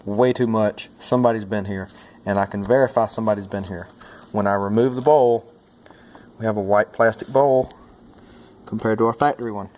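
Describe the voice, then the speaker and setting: A man's voice: on the low side, fairly even intonation, moderate pace, darkish tone. Folksy man explaining repairs. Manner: casual, folksy, thinks aloud with many fillers. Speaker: mechanic and channel host. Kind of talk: hands-on repair tutorial.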